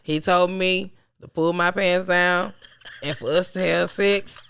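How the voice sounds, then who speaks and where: A woman co-hosting a podcast, telling stories in loud, profane, laughter-filled casual chat. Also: on the low side, steady tone, measured pace, creaky, smooth. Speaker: podcast co-host.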